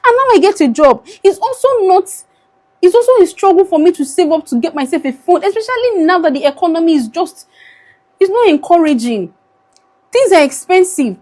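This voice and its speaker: High-voiced pleading Nigerian woman vlogger. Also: lively intonation, a little fast, a little mellow. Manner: pleading, weary, switches into Pidgin. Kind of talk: emotional vlog appeal. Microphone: phone camera.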